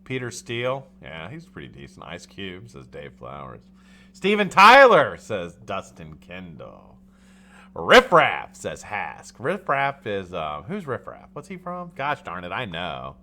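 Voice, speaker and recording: A man's voice: sits low, huge pitch swings, unhurried, pushed and bright. A man in his forties from the United States hosting a casual live stream, joking, swearing and reading viewers' chat names aloud. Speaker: livestream host.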